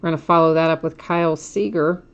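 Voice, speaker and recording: A woman's voice: low voice, fairly even intonation, fast, dull audio. A woman hosting a card break, chatting casually as she names each card she pulls and laughs at her own slips.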